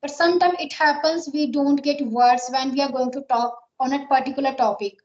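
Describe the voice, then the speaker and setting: A woman's voice: high voice, fairly even intonation, fairly quick. A woman with an Indian accent, an English learner earnestly explaining her daily practice in a casual conversation. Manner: earnest, explains at length with many fillers. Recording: echoey, dull lo-fi sound.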